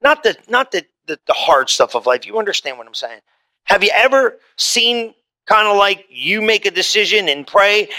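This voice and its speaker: A man preaching a sermon to a congregation, talking casually and swinging between loud quoted scripture and soft, low asides. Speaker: pastor. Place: church in front of a congregation.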